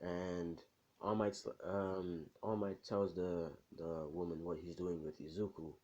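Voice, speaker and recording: Deep-voiced young man rambling a fan story. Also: level tone, slow, warm tone, highs cut off. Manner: rambling, profane, full of fillers. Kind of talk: casual fan-story retelling.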